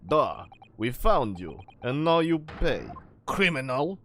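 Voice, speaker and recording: A man puts on a rough Russian sailor with a heavy fake accent. He talks bluntly and menacingly, threatening his captive. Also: medium pitch, very animated, slow pace, a bit bright, a little hiss or hum, voice pushed up. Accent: Russian, put on.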